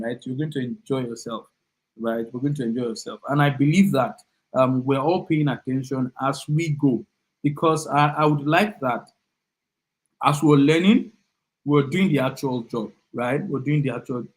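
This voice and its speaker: A man's voice: a little high, low-quality recording. Upbeat Nigerian man greeting online students. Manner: upbeat, repeats words, chatty asides. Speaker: online class tutor.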